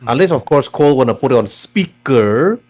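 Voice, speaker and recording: A man's voice: medium pitch, lively intonation, fairly quick, darkish tone. A man narrating a tabletop role-playing game as game master, with meandering, restart-filled phrasing.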